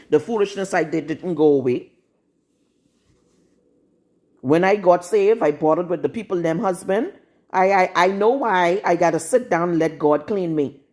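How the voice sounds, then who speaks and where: A woman's voice: on the low side, a little mellow. A woman preaching a live-streamed sermon in a blunt, scolding, confrontational manner. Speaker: prophetess.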